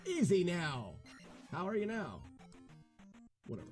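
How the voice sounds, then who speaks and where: A man's voice: high-pitched, huge pitch swings, measured pace, a little mellow, faint music behind. A man streaming a retro game, chatting casually and talking viewers through his route. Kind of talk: live gameplay commentary.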